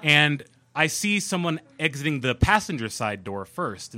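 A man telling a personal story on stage at a live storytelling event, animated and laughing as he goes. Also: fairly high pitch, unhurried. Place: live event venue with audience.

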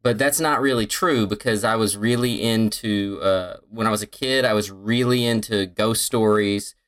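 A middle-aged man with a Southern accent from North Carolina, talking as a podcast guest. His voice sits a little low, and he rambles along, correcting himself as he tells stories. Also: normal speed, a bit bright. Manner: rambling, self-correcting, chatty storyteller. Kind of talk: casual conversation.

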